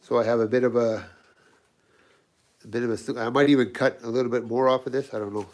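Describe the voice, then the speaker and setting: A man's voice: mid-range voice, steady tone, quick pace, darkish tone. A man with a scratchy voice from a cold, talking loosely through his knife work in a home workshop livestream. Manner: loose, rambling, often restarts sentences. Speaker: knifemaker and channel host. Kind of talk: casual workshop livestream demo.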